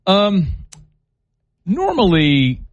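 A man's voice: sits high, huge pitch swings, extremely slow, no echo, lo-fi sound. A man hosting a sports talk radio show, giving opinionated, conversational commentary that builds toward worked-up rants.

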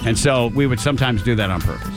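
A man's voice: mid-range voice, quick pace, music in the background. A man hosting a radio show in the studio, easygoing and wry, explaining things plainly. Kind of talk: casual studio chat.

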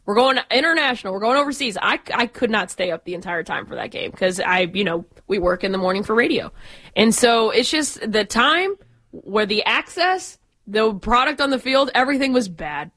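A woman's voice: fairly high pitch, expressive, normal speed, bright, forceful tone, no echo. A woman from Texas co-hosting a sports radio show, chatty and opinionated. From Austin, Texas.

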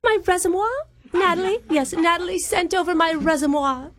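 Prank-call bit: a woman doing a prim, high-voiced fake-British applicant with an affected drawl. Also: brisk. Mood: haughty. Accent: put-on British. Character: pompous fake-posh female job applicant.

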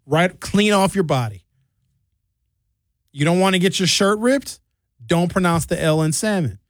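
A man's voice: sits high, expressive, measured pace, dry recording, studio quality. A man hosting a radio talk show, ranting comically with put-on mocking voices. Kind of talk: casual radio monologue.

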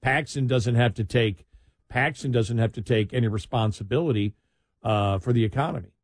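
A man's voice: medium pitch, moderate pace, no room sound. Guy rambling on about ads, sarcastic, dry close mic. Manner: rambling, restarts, sarcastic asides. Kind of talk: casual political chat.

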